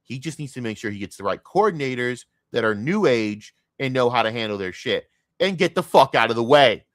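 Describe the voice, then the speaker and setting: A man's voice: medium pitch, big pitch swings, a little fast, no echo, clean studio sound. A young man streaming a casual, profane sports rant, heated and rambling.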